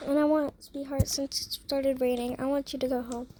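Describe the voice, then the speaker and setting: A young performer voicing a strict, snappish mother in a toy-game role-play, scolding her daughters in sharp, drawn-out words. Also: high-pitched, little pitch movement, a little hiss or hum, lightly acted. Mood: stern.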